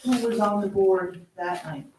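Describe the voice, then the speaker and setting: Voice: mid-range voice, measured pace. A speaker at a town board meeting who raises procedural questions about the minutes politely and carefully. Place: town hall meeting room. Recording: distant roomy mic with noise.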